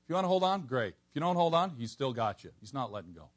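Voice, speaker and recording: A man preaching an expository sermon to a congregation, animated, swinging from soft asides to near-shouted emphasis. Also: mid-range voice, quick pace.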